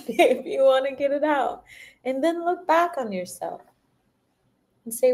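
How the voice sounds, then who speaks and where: A woman's voice: on the high side, animated, slow, long pauses, a little mellow. A young woman giving a casual spiritual talk to her viewers, laughing often, repeating herself and acting out little quoted voices. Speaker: spiritual energy reader.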